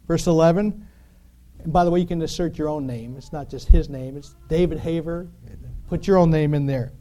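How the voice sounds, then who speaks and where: A man preaching a sermon in an animated, emphatic, conversational way, full of rhetorical questions. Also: a little high, normal speed.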